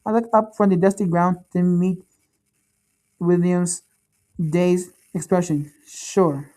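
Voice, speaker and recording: Woman, story reader, first-person reading, halting, restarts, mellow, lowish voice. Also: fairly even intonation, poor audio. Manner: halting, with frequent restarts and repeats.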